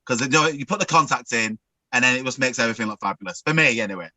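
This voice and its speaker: A man's voice: mid-range voice, rapid-fire, sharp tone, dry recording, rough recording. A man with a Northern English accent, guest drag makeup artist, chatting camply and giggling over a video call from home. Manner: camp, chatty, giggly, calls people girl and love. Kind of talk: casual video call chat. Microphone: computer mic on video call.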